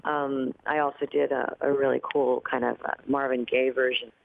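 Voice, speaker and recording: A woman's voice: very deep voice, flat delivery, moderate pace, creaky, slight background noise. A woman singer chatting as an interview guest, her voice a little groggy and dry from an overnight flight, chatty with frequent laughs. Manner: chatty, laughs often, many fillers. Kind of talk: casual interview chat. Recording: tinny phone-line audio.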